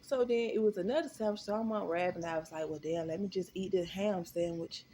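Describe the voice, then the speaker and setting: Animated, swearing woman telling a story. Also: fairly low pitch, brisk, few pauses, a little hiss or hum. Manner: animated, profane and emphatic. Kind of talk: storytime vlog.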